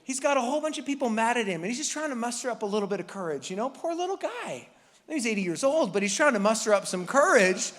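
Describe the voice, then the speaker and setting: A man's voice: very high-pitched, big pitch swings, quick pace, a bit bright, in a large hall. A man preaching a casual, joking sermon as pastor, acting out Bible characters with the congregation. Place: church hall.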